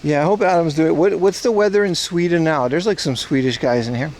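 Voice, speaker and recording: A livestream host talks at a quick pace in a slightly high voice with a darkish tone, against slight background noise. He chats and rambles with viewers as he walks outside through the streets and at a shrine on a hot day.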